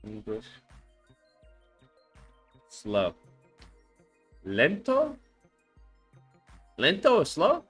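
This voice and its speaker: Slow-talking man practicing aloud, swearing. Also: a little high, wildly swooping pitch, fairly bright tone, breathy edge, faint music behind. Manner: swears a lot, thinks aloud, repeats words to practice. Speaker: streamer reacting to a language lesson. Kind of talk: casual live-stream chat.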